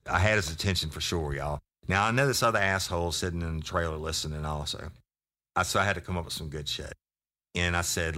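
A man, a podcast host and former deputy, telling a profane, animated story. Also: rumbling low, a little fast.

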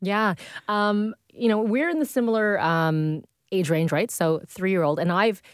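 A woman's voice: mid-range voice, unhurried, clean tone, no room sound. Woman, talk show co-host, candid, casual, dry. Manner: candid, self-deprecating. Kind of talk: casual chat.

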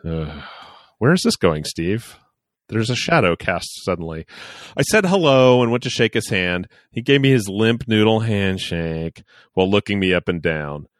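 A man's voice: fairly low pitch, moderate pace, dry recording, studio quality. A man co-hosting a podcast, reading a listener's letter aloud with jokey asides. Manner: animated, jokey, reads aloud with playful asides. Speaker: podcast co-host.

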